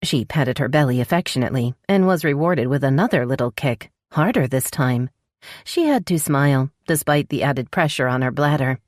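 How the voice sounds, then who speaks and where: A woman narrating a romance audiobook in an expressive, scripted style, close to the mic. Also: normal speed, no echo. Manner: expressive, voices dialogue with sharp pitch jumps.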